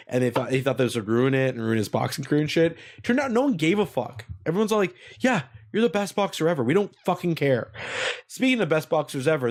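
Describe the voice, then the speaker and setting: Profane, animated male podcast host. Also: medium pitch. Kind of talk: casual podcast banter.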